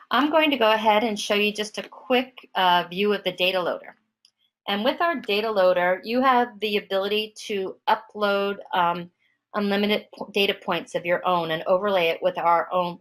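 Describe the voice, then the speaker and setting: A woman giving an online software demonstration in a casual way, with many fillers and restarts, speaking over a web call. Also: fairly low pitch, low-quality recording. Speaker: product trainer.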